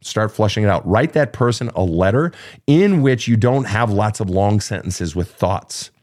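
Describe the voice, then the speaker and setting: His fairly low voice moves at a moderate pace as he hosts a live advice program. He answers callers' questions in a blunt, emphatic, swear-heavy way, animatedly acting out emotional outbursts.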